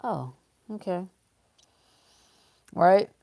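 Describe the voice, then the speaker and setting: A woman's voice: fairly low pitch, lively intonation, extremely slow, gravelly, dark tone. Emphatic woman preaching on a livestream. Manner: emphatic and preachy, repeating phrases. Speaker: motivational livestream host. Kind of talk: casual motivational talk to a live audience.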